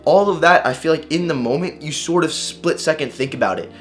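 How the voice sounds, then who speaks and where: A young man vlogger telling a personal story to camera in a casual, animated way, swearing and using slang. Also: on the high side, fairly quick, soft background music.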